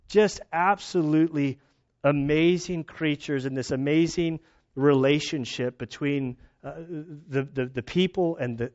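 A man's voice: a little high, lo-fi sound. A man preaching a sermon as pastor, talking in a conversational, storytelling way with frequent restarts.

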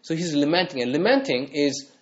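A man's voice: a little high, animated, fairly quick, highs cut off. A male pastor preaching a sermon, earnest, pressing his listeners with repeated questions.

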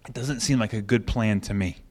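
A man preaching a sermon, telling a story with animated swings between loud excitement and hushed intensity. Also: on the low side, fairly quick. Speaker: pastor.

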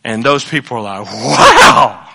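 Bright-voiced preacher. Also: male voice, animated, moderate pace. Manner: swings from loud exclamations to low, hushed asides. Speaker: pastor. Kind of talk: sermon.

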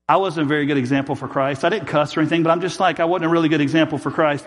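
A man's voice: fairly high pitch, steady tone, rapid-fire, few pauses, long reverb tail. A man preaching a sermon as pastor, telling a personal story and acting out both sides of each argument.

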